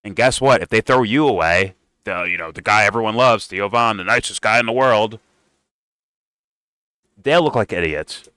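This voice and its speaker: A man's voice: fairly low pitch, moderate pace, pauses often, sharp tone, clear, resonant tone, no room sound. A man hosting a casual reaction commentary, heated, sarcastic and profane. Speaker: political commentator.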